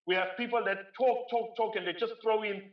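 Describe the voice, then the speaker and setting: A man's voice: sits high, steady tone, fairly quick. A South African man giving a conference keynote speech, emphatic and driving points home by repeating phrases. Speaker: keynote speaker. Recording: roomy, distant, dull lo-fi sound.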